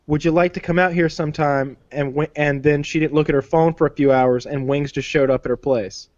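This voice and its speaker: A man's voice: a little high, fairly even intonation, brisk, a little mellow. A man co-hosting a podcast, teasing his guest in a mock-formal tone. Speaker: podcast co-host. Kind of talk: casual podcast banter. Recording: dry muffled podcast mic.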